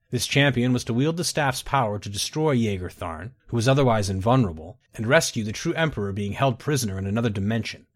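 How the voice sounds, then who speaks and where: A male audiobook narrator reads fantasy prose in a measured, dramatic manner. His delivery leans into solemn repetition. His pitch sits in the middle range for a man.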